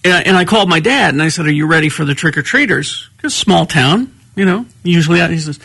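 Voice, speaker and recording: High gravelly husky man. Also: lively intonation, quick pace, few pauses, sharp tone, no echo. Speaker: radio co-host. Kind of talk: casual banter.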